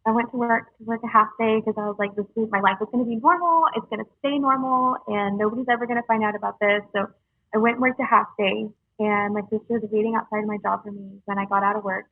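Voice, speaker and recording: A young woman telling her personal story in a halting, earnest way, with many fillers, heard over a tinny phone-like line. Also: medium pitch, fairly even intonation, dry recording. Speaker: guest sharing her story. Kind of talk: casual storytelling.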